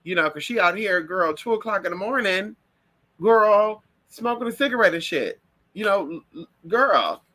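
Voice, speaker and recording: A man chats with his viewers in a sassy, profane gossip style. His voice sits a little high and comes out bright and sharp. His pitch jumps around lively as he acts out every moment of the story. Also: normal speed. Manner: does shrill high voices for birds and people in stories. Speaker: livestream host. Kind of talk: casual gossip chat.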